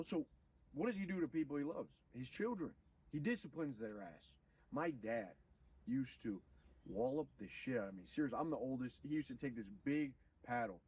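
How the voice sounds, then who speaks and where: Husky man telling a story, profane and animated. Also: medium pitch, distant mic, low-quality recording. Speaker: streamer. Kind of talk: casual storytelling on a livestream.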